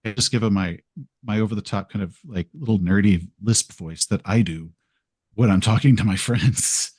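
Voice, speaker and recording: A man's voice: fairly low pitch, normal speed, a little mellow, slightly rough, dry recording, clean studio sound. A man being interviewed as a podcast guest, telling rambling, self-deprecating stories and acting out what he said. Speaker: podcast guest, game video creator. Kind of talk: casual interview storytelling.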